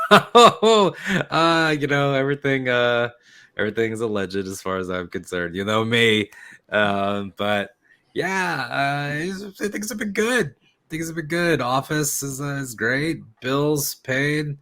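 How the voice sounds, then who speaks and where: A man's voice: mid-range voice, lively intonation, takes it slowly, sharp tone. A man playing a tabletop role-playing game, talking in character in a chatty, rambling way. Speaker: player.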